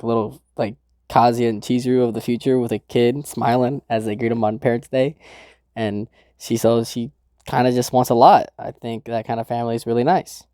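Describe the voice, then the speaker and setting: A young man casually recapping a manga chapter, excitable, swearing and laughing now and then. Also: mid-range voice, no room sound, clean studio sound. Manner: excitable, swears, laughs, quotes characters in raised voice. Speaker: manga review host.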